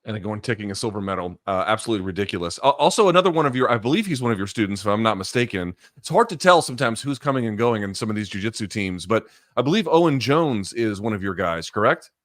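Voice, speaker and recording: A man's voice: fairly low pitch, sing-song, quick pace, few pauses, dry recording. Male interview host, hedging and rambling, dry call audio. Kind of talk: casual interview.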